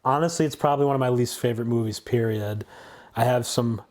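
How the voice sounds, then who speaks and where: A man in his twenties, the host of a channel, giving a blunt, opinionated and somewhat halting casual film review. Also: mid-range voice, a little mellow.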